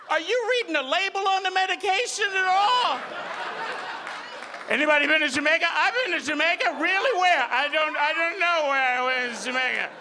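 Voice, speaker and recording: A man doing loud, profane stand-up comedy on a club stage and teasing the audience. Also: very high voice, noisy background. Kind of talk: live stand-up comedy with crowd work.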